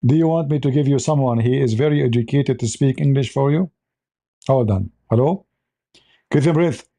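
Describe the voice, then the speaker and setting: A man's voice: medium pitch, a little fast, dark tone. A man hosting a live commentary show, blunt and sarcastic, speaking in broken English grammar. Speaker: host.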